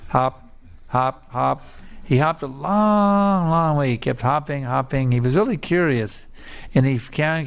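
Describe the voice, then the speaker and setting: A man's voice: medium pitch, gravelly, smooth. A man preaching a scripture lecture in a storytelling manner, repeating his points with emphasis.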